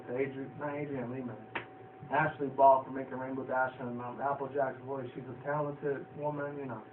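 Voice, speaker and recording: A man's voice: fairly high pitch, slight background noise. A man casually recapping a cartoon episode in a loose, rambling, profane way, often chuckling. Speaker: vlogger reviewing a cartoon episode. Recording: tinny lo-fi, echoey, distant from the mic.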